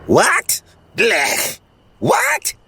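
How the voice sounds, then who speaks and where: A man voicing a scheming old male wizard villain in a storybook audio tale, with a theatrical, drawn-out, whiny delivery. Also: very high-pitched, huge pitch swings, gravelly, pushed and bright, husky, voice pushed up, heavily acted. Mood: gloating. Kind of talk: storybook voice acting.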